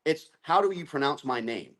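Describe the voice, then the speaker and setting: A man's voice: a little high, lively intonation, moderate pace, fairly bright tone. A man speaking as a guest on a political talk show, listing his points in long assertive runs.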